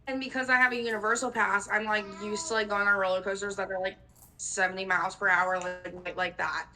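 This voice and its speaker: A young woman co-hosting a chatty podcast with a bright, forceful tone. She rambles through her stories, stacking up "like" and dropping swear words without a second thought. Faint noise hums behind her. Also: medium pitch, level tone, brisk, poor audio. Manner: rambling storyteller, swears casually, lots of "like". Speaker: podcast co-host. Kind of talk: casual chat.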